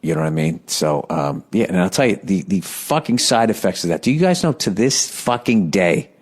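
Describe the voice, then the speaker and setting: A man in his thirties talks through a comic monologue in a somewhat low voice. He swears constantly, restarts his sentences, and pokes fun at himself as he retells the story. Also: moderate pace, husky. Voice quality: heavy profanity, rambling storytelling with restarts. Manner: self-deprecating, animated retelling. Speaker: comedian. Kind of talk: casual comedic monologue.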